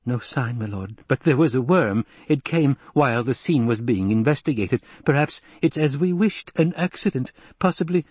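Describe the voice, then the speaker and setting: A man's voice: mid-range voice, expressive, moderate pace, hardly any pauses, a little mellow, husky, no echo, voice pushed up. A man voicing a silky, scheming male advisor who hesitates and defers to his lord. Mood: deferential.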